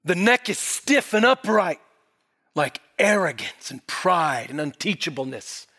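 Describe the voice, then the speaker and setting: A man preaching a sermon, emphatic, swinging from loud stresses to near whispers. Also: high voice, lively intonation, measured pace. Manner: emphatic, varying pace and volume, drops to near whisper.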